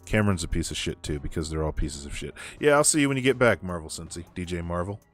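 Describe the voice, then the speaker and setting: A man's voice: deep voice, expressive, quick pace, a bit bright. A man from the United States streaming a game and ranting about politics with sarcasm and frequent swearing. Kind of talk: casual chat while gaming.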